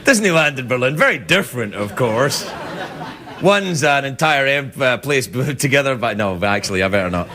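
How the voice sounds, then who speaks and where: Man hosting late-night TV, teasing and rambling over viewer letters, lively pitch, loud studio audience. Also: moderate pace, a crowd in the background. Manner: rambling, teasing, self-interrupting. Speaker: late-night talk show host. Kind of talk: comic monologue reading viewer mail. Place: television studio with live audience.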